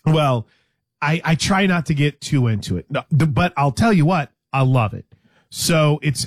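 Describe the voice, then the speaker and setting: Chatty man with a slightly high voice. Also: no echo, studio quality. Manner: chatty, teasing, many restarts. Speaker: sports radio host. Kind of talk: casual sports talk.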